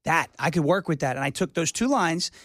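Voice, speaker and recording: A man appearing as a guest on a talk radio show, speaking in a rambling, excitable way about his comedy work. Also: a little high, brisk, no room sound, studio quality. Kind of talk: casual interview chat.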